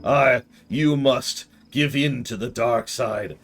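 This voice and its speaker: A man voicing a theatrical villain with a booming, drawn-out evil laugh and grand proclamations. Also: fairly bright tone, soft background music. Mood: gloating.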